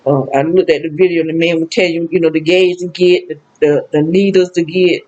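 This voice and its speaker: With a steady tone and a fairly quick pace, her lowish, slightly mellow voice comes through dull audio. An older Southern woman vlogging solo, she rambles through an emotional, sad personal monologue, frequently laughing and exclaiming.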